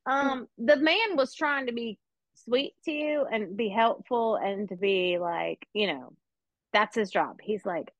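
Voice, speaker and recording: A woman hosting a casual talk show, telling animated, profane stories and laughing often. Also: on the high side, slow, dry recording, lo-fi sound. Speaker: podcast host. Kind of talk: casual storytelling chat.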